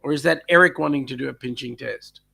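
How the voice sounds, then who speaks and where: A man's voice: fast talker, pushed and bright. A man with an Australian accent co-hosting a casual live-stream chat, congested from a cold, joking and reading out viewer comments. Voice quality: husky, low "sexy" voice from a cold. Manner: joking, teasing, reads viewer chat aloud. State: congested, blocked nose.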